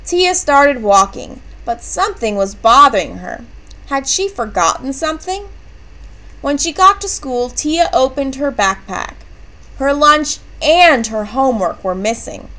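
A woman reading a children's book aloud, with clear and expressive storytelling. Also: a little high, low-quality recording. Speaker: storybook reader.

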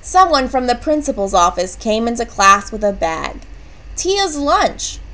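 A woman reading a children's book aloud, with clear and expressive storytelling. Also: mid-range voice, normal speed, rough recording. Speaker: storybook reader.

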